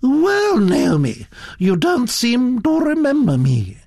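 A man voicing an imperious elderly duchess, blunt and domineering, speaking in a brisk, commanding way. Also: very high voice, wildly swooping pitch, creaky, a little mellow, dry recording, studio quality, pitched above the performer's own voice, exaggerated voice.

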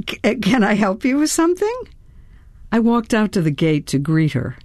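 A woman reading a first-person audiobook in a measured storytelling voice that grows tense in the action scenes. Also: sits low, darkish tone, no room sound, studio quality. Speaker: audiobook narrator.

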